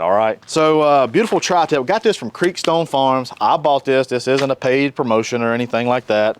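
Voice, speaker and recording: A man hosts a casual cooking demo outdoors by his grill. He talks in a folksy, joking, animated way, his voice sitting in a middle pitch. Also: slight background noise. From North Carolina. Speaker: cooking show host.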